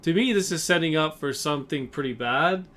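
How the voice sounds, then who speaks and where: A man's voice: fairly high pitch, fairly quick, a bit bright. Chatty man doing a market breakdown. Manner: chatty, filler-heavy, restarts often. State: slightly out of breath. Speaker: trading channel host. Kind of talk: casual market analysis.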